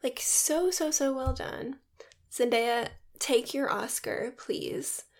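A young woman co-hosting a podcast, talking enthusiastically in casual chat. Her voice sits a little high. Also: slow pace. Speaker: podcast co-host.

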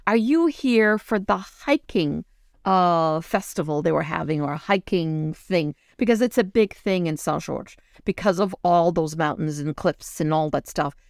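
Animated storytelling woman, dry room. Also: lowish voice, a little slow, gravelly, no room sound. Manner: animated storytelling, gets emotional. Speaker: co-host. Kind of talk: casual chat.

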